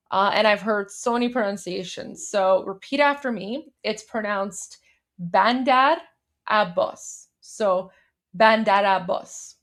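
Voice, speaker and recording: Woman livestream host, casual political commentary, chatty with emphatic bursts. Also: fairly high pitch. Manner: chatty, repeats words and restarts while coaching pronunciation; emphatic, insistent when arguing.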